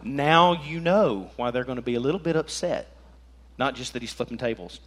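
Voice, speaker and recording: A man preaching an animated sermon as pastor, joking and swinging between loud and soft. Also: mid-range voice, moderate pace.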